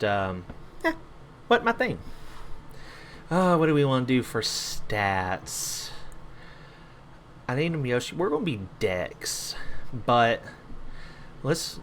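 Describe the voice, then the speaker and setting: A man's voice: medium pitch, fairly bright tone, slight background noise. Rambling man narrating his gameplay. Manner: rambling, casual, swears freely. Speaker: gamer. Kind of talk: casual gameplay commentary.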